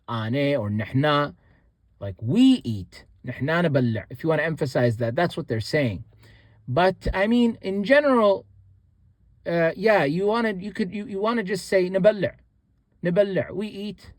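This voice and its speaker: A man's voice: on the high side, no room sound. A man teaching a grammar lesson in a casual, explanatory way, often restarting sentences and repeating example words. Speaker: language teacher.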